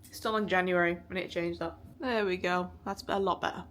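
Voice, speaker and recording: A woman's voice: on the low side, fairly even intonation, fairly quick, a bit bright, slight background noise. A young woman chatting casually to camera in a vlog, swearing offhandedly and laughing often. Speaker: vlogger and musician.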